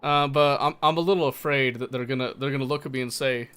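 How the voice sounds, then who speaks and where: A man's voice: medium pitch, steady tone, quick pace, sharp tone, clean tone. A young American man chatting casually on a livestream, laughing often and answering chat. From United States.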